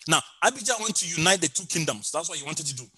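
A man's voice: on the high side, expressive, fast, pushed and bright, poor audio. A man preaching a sermon with emphasis, repeating his key phrases and rising into sung lines.

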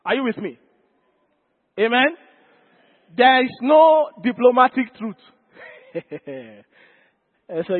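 A man's voice: very high-pitched, lively intonation, unhurried, long pauses, slightly rough. A man preaching a sermon as pastor, emphatic, repeating key phrases and calling out to the congregation. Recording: lo-fi phone-like church recording with long reverb.

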